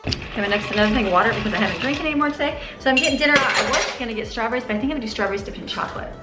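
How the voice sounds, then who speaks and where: A woman's voice: a little high, rapid-fire, over music. A woman in her thirties, a homeschooling mother, chatting through her day in a casual vlog while she goes about her chores at home. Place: car, home and kitchen. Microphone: handheld camera.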